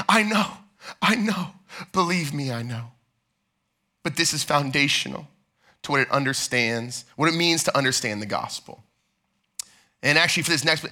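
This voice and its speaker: A man pastor preaching a sermon in a church sanctuary, earnest, dropping to hushed tones and then rising for emphasis. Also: a little high.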